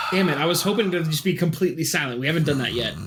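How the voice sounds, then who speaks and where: A man on a casual podcast with a bright, sharp tone and a lively, swooping pitch. He jokes constantly and slips into beatboxing. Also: fast talker. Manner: joking and playful, breaks into beatboxing. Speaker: podcast co-host. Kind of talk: casual chat.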